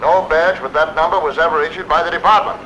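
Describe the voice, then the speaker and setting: An actor playing a sardonic police lieutenant in a 1960s TV crime drama. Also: male voice, a little high, fast, sharp tone, muffled recording. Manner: dry and sardonic. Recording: faint hiss, old TV soundtrack.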